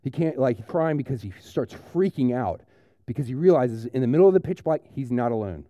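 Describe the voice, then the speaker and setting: A man's voice: medium pitch, brisk, dry recording, studio quality. Casual man preaching a sermon. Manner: conversational, animated storytelling with restarts. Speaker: pastor.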